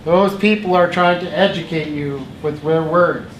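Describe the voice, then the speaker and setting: A man hosting a community feast, telling stories to the crowd in a slow, unhurried way. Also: a little high. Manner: slow, storytelling delivery. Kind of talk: speaking to a crowd. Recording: roomy hall with faint background noise.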